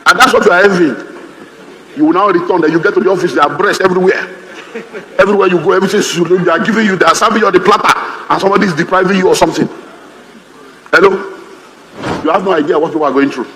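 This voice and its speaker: A man with a Nigerian accent preaching a sermon as pastor, humorous and lively, mimicking other people's voices. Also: high voice, racing, pauses often, a little hiss or hum. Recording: reverberant hall, faint ambience.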